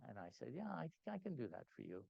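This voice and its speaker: An older man telling a lively anecdote at a gathering, acting out voices and laughing often. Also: fast talker, gravelly, slightly rough, no room sound. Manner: animated anecdote teller, acts out quotes, laughs often. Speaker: speaker at a spiritual gathering. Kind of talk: storytelling talk. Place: meeting hall. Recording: dull low-fidelity sound, dry.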